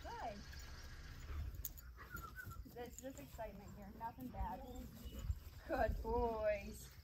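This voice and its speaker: A woman dog trainer demonstrating a session, praising the dogs warmly and calmly explaining their behavior. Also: fairly high pitch, slow. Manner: warm, encouraging praise mixed with calm explanation. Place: outdoors with dogs. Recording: outdoor background noise.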